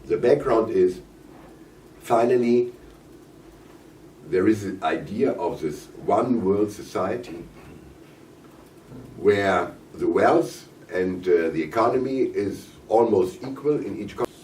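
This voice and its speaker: Hoarse German-accented man, low voice. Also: expressive, a little mellow, slight background noise. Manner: halting, many fillers and restarts. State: hoarse, coughing. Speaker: visiting parliamentarian at a press conference. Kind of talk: press conference remarks in English. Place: conference room. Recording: roomy, distant mic, faint ambience.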